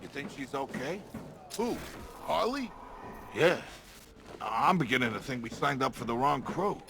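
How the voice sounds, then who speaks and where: A man's voice: medium pitch, expressive, a little slow, creaky, background noise. An actor playing a male henchman thug in a video game, grumbling and gossiping with another goon.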